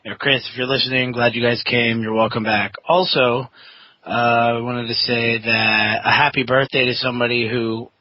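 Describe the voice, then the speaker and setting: A man's voice: medium pitch, fairly even intonation, moderate pace, no echo. Rambling man telling a story, lo-fi. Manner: rambling storyteller, acts out quoted voices. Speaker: podcast co-host, game master. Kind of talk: casual chat. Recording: dull lo-fi audio.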